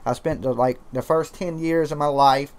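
A man's voice: a little high, fairly even intonation, moderate pace, clear, resonant tone. A man from Georgia with a twangy Southern accent, hosting a casual, profane, rambling livestream chat. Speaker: livestream host.

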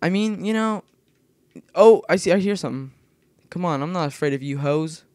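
Young male gamer, slightly high voice, rambling and excitable, dry close mic. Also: normal speed, no echo. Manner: rambling, excitable, yelps when startled. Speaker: gaming video creator. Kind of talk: casual gameplay commentary.

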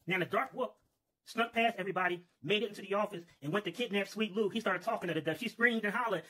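A man's voice: high-pitched, quick pace, bright, forceful tone, breathy edge. A man telling a comic kung-fu story in a rambling, profane manner.

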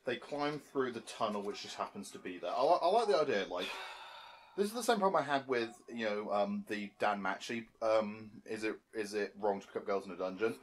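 A man's voice: fairly low pitch, a little fast, a little hiss or hum. An English young man co-hosting a casual film commentary, asking pointed questions and picking apart plot holes. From England. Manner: animated, questioning, nitpicking. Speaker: podcast co-host.

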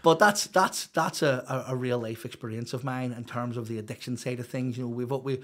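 A middle-aged man, telling a raw personal story as a podcast guest, halting and restarting often. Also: medium pitch, level tone, crowd noise. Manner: raw, confessional, halting with many restarts and fillers.

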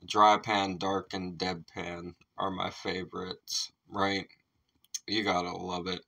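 A man's voice: deep voice, flat delivery, slow pace, creaky, sharp tone, distant mic. A man hosting a music reaction video, chatting casually, laughing often and swearing freely.

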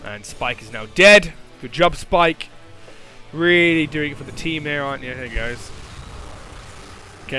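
A young man giving excitable gameplay commentary, swearing and shouting at the game. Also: a little high, unhurried, pauses often, faint music behind. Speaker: gaming commentator.

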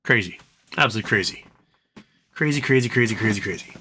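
Fast, husky, and sharp, with lively intonation, a man hosts an easygoing live stream. He rambles, jokes, reads chat, and speaks to his dog in a high baby voice.

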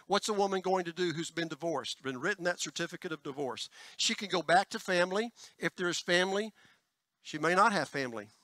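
Pastor preaching, chatty and jokey, dry close sound. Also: male voice, sits high, bright, forceful tone, no echo. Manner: conversational preaching with frequent "all right?" and "folks"; joking asides to the congregation. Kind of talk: sermon. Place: church sanctuary.

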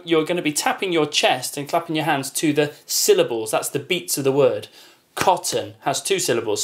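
A man teaching a children's music lesson, patiently counting beats aloud and demonstrating each sound. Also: on the high side.

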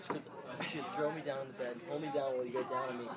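A man's voice: medium pitch, fairly even intonation, rapid-fire. A young man casually telling a story and reading text messages aloud, often laughing as he reads. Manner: breaks into laughter while reading. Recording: loud laughing crowd behind. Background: loud crowd laughter.

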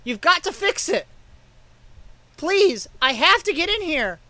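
A terrified young woman shrieks and pleads in a high, piercing voice, as a man reads her lines aloud in a game stream. Her voice is bright and lively, leaping up in pitch as she begs, with a slow, breathless delivery. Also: dry recording, heavily acted. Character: panicked frightened young woman.

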